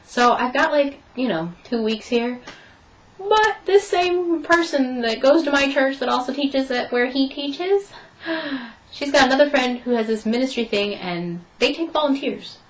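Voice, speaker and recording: Chatty young woman, slightly high voice. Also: animated, a little slow, highs cut off. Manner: chatty storytelling, acting out both sides of conversations. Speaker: vlogger. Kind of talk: casual vlog update.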